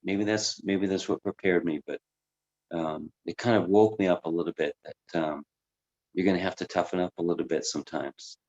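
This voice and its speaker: A man's voice: low voice, fairly even intonation, moderate pace, a little mellow, dull audio. A man, a life coach, reflectively telling his own life story in a conversational way. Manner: reflective and conversational, with many fillers. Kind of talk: candid personal storytelling.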